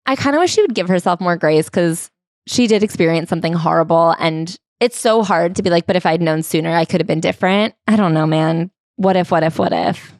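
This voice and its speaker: A woman's voice: on the low side, brisk, darkish tone, dry recording. A woman co-hosting a comedic podcast, reading from a memoir and adding dry, sarcastic asides. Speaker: podcast co-host. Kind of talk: comedic book recap chat.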